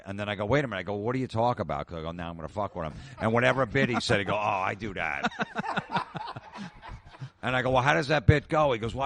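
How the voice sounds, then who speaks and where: A man's voice: fairly low pitch, a bit bright. A man hosting a casual comedy podcast round table, telling stories and acting out the people in them. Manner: storytelling, acting out quotes. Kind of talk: casual chat.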